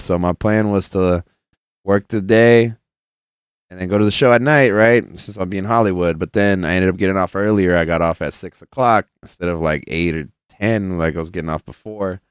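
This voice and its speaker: Young male podcast host, very low and smooth voice, loose and profane, rambling storyteller. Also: steady tone, moderate pace, no room sound, studio quality. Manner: rambling and profane, heavy on filler words; loose storyteller who plays out the people in his stories. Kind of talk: casual chat.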